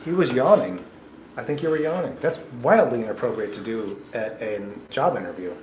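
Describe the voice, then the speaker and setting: A man's voice: medium pitch, lively intonation, fairly quick, a little mellow, a little hiss or hum. A man coaching job seekers in a casual, joking way, giving patient advice during a mock interview. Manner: upbeat, joking, explains patiently. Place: coffee shop, indoors. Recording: echoey coffee shop room.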